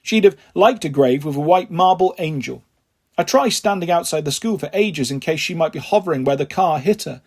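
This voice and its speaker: A man reads a children's novel aloud, telling it steadily in the first person. His voice is husky and breathy and sits high for a man. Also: lively intonation, fairly quick, a little mellow. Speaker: audiobook reader.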